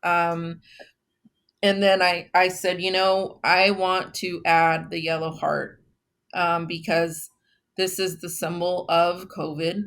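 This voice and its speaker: Guest woman from Texas, low and flat delivery, slow, earnest, pausing. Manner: earnest, many "um" pauses. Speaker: memorial founder, guest. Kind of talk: casual interview storytelling.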